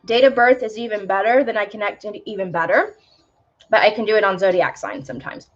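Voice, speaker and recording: A woman's voice: mid-range voice, a little fast, highs cut off, faint music behind. A young woman giving live tarot readings, talking casually with many fillers about spiritual topics. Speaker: tarot reader.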